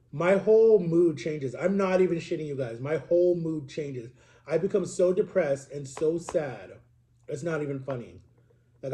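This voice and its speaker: Mellow man rambling in a casual vlog. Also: on the high side. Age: 30s. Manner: rambling, confessional, many "like" fillers. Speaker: vlogger. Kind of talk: casual personal vlog monologue.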